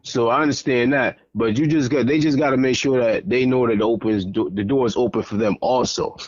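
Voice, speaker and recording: Co-host type: even-voiced man, measured and fair, on a dull, dry, lo-fi mic. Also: medium pitch, dry recording. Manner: measured, affirming listener who weighs both sides. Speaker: podcast co-host. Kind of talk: casual chat.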